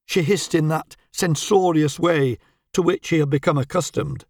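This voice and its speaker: A man narrating a humorous story in a wry, measured reading voice. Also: a little high, lively intonation, no echo, clean studio sound.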